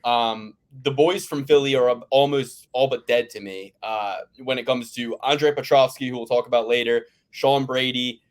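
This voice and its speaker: A man from the Philadelphia area hosts a casual sports betting podcast in a medium-pitched, steady voice at normal speed with few pauses. He rants and swears, rambling along with lots of restarts.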